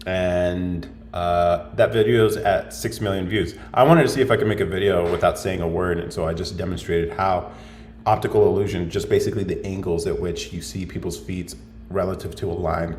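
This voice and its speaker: A man's voice: low-pitched, a little mellow, slight background noise. A man hosting a casual livestream, rambling and thinking aloud as he answers viewer comments. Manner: rambling, musing, thinks aloud with many fillers. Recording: roomy echo.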